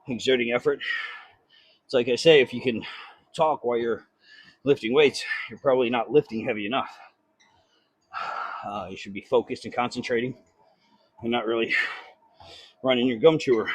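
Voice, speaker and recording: A man walking an incline treadmill after a hard gym session talks loosely into a phone held near his face, short of breath the whole time. His voice is husky and the sound is dry and close. He rambles, swears freely and pokes fun at himself. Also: medium pitch, no room sound. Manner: rambling, profane, self-deprecating. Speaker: fitness vlogger. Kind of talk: casual vlog chat.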